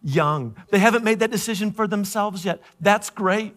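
In a high voice and at a fairly quick clip, a middle-aged pastor preaches through a family anecdote, laughing and lively while he performs each character's voice.

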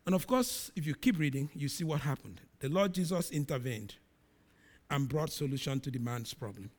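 A middle-aged man preaching a sermon, reading scripture dramatically with loud emphatic peaks and quiet low drops. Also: lively intonation, normal speed.

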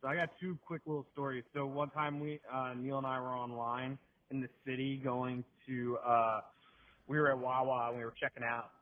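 A man's voice: mid-range voice, level tone, normal speed, slight background noise. A man ranting with profanity, casually and comedically, and acting out the people in his stories. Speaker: segment contributor. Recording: tinny phone-like audio.

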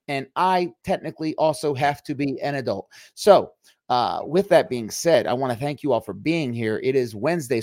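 A man hosting a Christian livestream show, talking in a chatty, rambling way with quick asides. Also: mid-range voice, a little mellow, no room sound, clean studio sound. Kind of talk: casual livestream chat.

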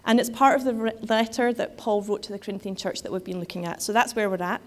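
A woman's voice: mid-range voice, fast talker. A woman giving a sermon in a conversational way, with frequent fillers and restarts. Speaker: preacher.

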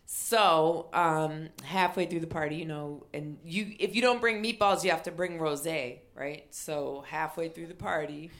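A middle-aged woman comedian telling a funny story, animated and acting out other people with loud exclamations. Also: low voice, unhurried, few pauses. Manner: animated, acts out quotes with shouted exclamations.

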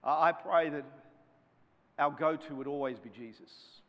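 A man's voice: a little high, measured pace, long reverb tail, muffled recording. A man preaching a sermon as a pastor, fervent and driving, built around repeated refrains.

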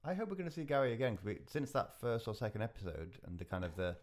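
A man's voice: fairly low pitch, sing-song, fast, a little mellow. A man co-hosting a comedy podcast with chatty banter and laughing asides. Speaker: podcast co-host. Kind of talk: comic banter.

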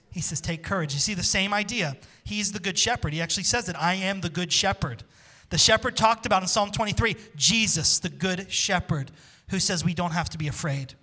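High, bright-voiced preaching pastor. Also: male voice, normal speed. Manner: impassioned preaching, drops to a hush for scripture. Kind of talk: sermon.

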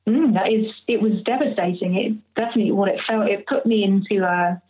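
A woman's voice: mid-range voice, fairly quick. Woman telling her story over a tinny line. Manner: candid, emotional, acts out others' speech. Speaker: interview guest. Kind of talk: personal storytelling in a conversation. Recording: phone-like narrow audio.

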